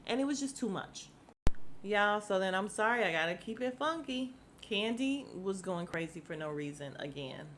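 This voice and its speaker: Woman podcast host, AAVE, lively gossip delivery, mid pitch, faint hiss behind. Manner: animated, slangy, acts out quotes. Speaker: podcast host recapping reality TV. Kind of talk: casual chat.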